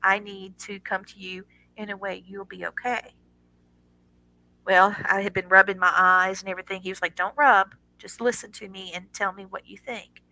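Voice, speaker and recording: Bright-voiced woman telling a story. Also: mid-range voice, moderate pace, gravelly, low-quality recording. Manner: animated, dramatic personal storytelling with quoted voices. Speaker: guest on a paranormal radio show. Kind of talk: casual storytelling.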